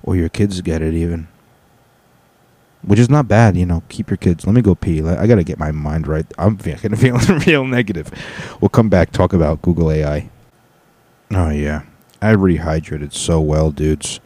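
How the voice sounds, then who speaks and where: Low-voiced man ranting casually. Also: moderate pace, warm tone, no room sound. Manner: rambling, profane, cuts himself off. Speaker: podcast host. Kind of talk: casual solo podcast rant. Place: home apartment.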